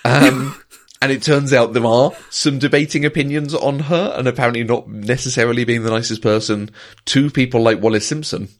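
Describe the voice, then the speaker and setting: Guy on a movie podcast, thinking out loud, lots of restarts and little laughs. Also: medium pitch, fairly even intonation, a little fast. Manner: thoughtful, hesitant restarts, chuckles often. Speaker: podcast co-host. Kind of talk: casual movie discussion.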